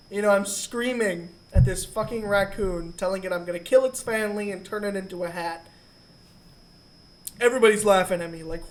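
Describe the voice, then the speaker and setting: A woman co-hosting a podcast, telling a comic story in a casual, profane and animated way. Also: mid-range voice, normal speed. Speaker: podcast co-host.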